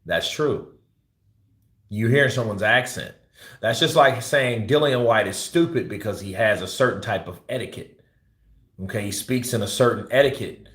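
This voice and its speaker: A man's voice: fairly low pitch, normal speed, a bit bright, roomy sound. A man hosting live boxing commentary, blunt and profane, ranting and teasing as he talks. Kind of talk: livestream commentary.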